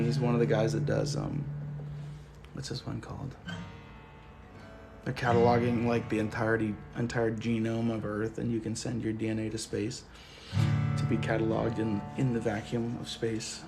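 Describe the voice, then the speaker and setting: A man's voice: medium pitch, monotone, moderate pace, gravelly, over loud music. A man hosting a casual livestream, chatting loosely and joking while reading comments. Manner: laid-back, joking, chatty. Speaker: livestream host.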